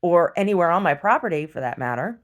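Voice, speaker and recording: Blunt, profane woman with a low voice, venting in a home video diary. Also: sing-song, quick pace. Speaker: video diarist. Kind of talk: casual video diary rant. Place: rural property at home.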